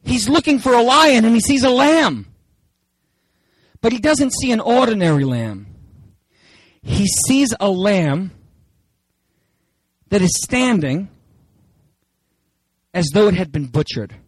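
Animated, high-voiced male preacher. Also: takes it slowly, pauses often, husky, no echo, poor audio. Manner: animated, dramatic, playful asides. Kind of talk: sermon.

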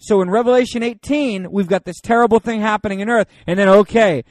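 A man's voice: high-pitched, quick pace, no echo. A man teaching a Bible study in a loose, joking, conversational way, reading scripture aloud with rising emphasis.

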